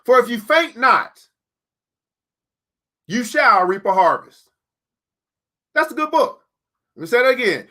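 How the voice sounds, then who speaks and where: Motivational teacher, male; high, bright voice; emphatic preacher-style delivery with slow repeated lines. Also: big pitch swings. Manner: addresses listeners directly as beautiful people. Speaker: teacher and book club host.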